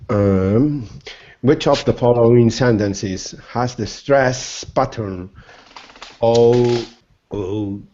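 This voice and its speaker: A man's voice: medium pitch, extremely slow, dark tone, highs cut off, a little hiss or hum. A male student answering in an English class, hesitant and searching for words.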